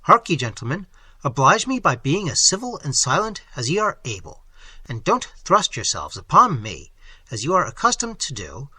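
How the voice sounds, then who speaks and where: A polished young gentleman, courteous and smooth but with an edge of command, as a male reader puts him on. The voice sits a little higher than the reader's own and moves with lively, bright inflection. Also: normal speed, no room sound, heavily acted. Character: suave gallant young gentleman stranger.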